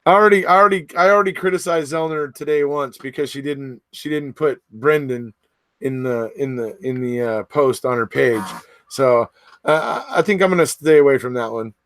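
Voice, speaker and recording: Brief: male livestream host, mid pitch, dry close mic, loose and chatty with comments. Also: normal speed, a bit bright, no echo. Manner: chatty, reads comments aloud and answers, frequent restarts and fillers. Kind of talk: casual livestream chat.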